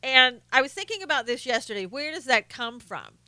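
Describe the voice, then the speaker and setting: Bright, crisp-voiced woman streaming commentary. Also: high voice, very animated, a little fast, no room sound. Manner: opinionated, greets viewers by name, frequent fillers and restarts. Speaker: live stream host reading chat. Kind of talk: casual political commentary.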